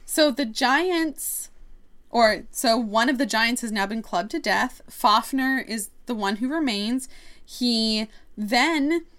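A chatty woman telling a story casually and with energy on a podcast. Her voice sits a little high and she moves through the plot quickly. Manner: animated, quoting characters. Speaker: podcast co-host.

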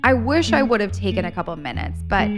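A woman hosts a relaxed podcast, telling her own story in an animated, candid way. She slips into the voices of the people in it and swears freely. Soft guitar music plays beneath her, clearly heard. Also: medium pitch, brisk. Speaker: podcast co-host. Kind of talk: casual chat. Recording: faint guitar music underneath.

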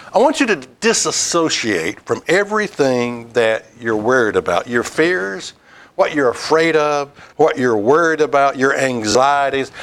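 A man preaching a sermon, reading Bible verses aloud, laughing now and then and dropping to a soft, hushed, reassuring voice. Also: medium pitch.

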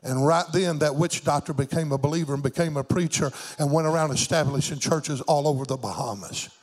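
A man's voice: fairly high pitch, fairly quick. An older man preaching a fervent sermon, with a rhythmic, sing-song lilt.

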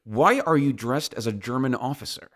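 A man voicing a gruff, scruffy ex-soldier in a tabletop game, speaking plainly without an accent. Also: mid-range voice, normal speed, a bit bright, close to an everyday voice. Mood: suspicious. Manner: plain speech, no accent attempted. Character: gruff scruffy tall male ex-soldier, wary.

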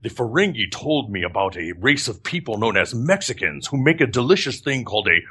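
A man voicing a gruff, formal male alien warrior, speaking slowly and stiffly. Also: mid-range voice, very animated, sharp tone, exaggerated voice. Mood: stern formal. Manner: stiff, formal, deliberate delivery.

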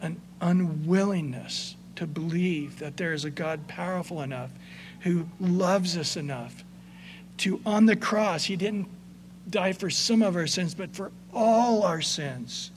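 A man preaching a sermon as pastor, conversational, moving between soft passages and emphatic points. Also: sits high, unhurried, a little hiss or hum.

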